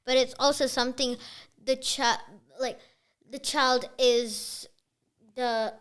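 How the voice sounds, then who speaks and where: A woman's voice: sits high, steady tone, slow pace, a bit bright, clear, resonant tone. A young girl being interviewed about her podcast, talking earnestly with many fillers. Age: child. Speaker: podcast guest. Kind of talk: casual interview chat.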